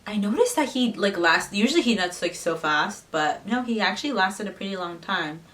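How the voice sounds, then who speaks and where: A woman's voice: mid-range voice, animated, normal speed, fairly bright tone, distant mic. A young woman in her twenties, chatting casually to camera as a vlogger, swearing freely and slipping into the voices of the people in her story. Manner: chatty, swearing, mimics others in quotes.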